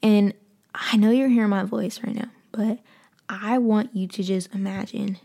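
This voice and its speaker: A woman hosting a faith podcast, giving a heartfelt devotional talk and praying aloud in a soft, fervent voice that sinks to a near-whisper. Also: mid-range voice, fairly even intonation, moderate pace, gravelly. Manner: fervent, heartfelt, with casual fillers; drops to a hushed near-whisper in prayer.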